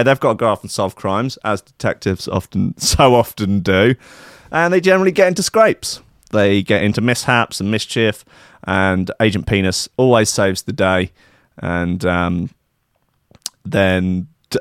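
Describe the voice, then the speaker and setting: A man's voice: fairly low pitch, smooth, dry recording, studio quality. A man hosting a radio show, rambling through crude, irreverent banter and often laughing at his own jokes. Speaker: radio host. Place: radio studio.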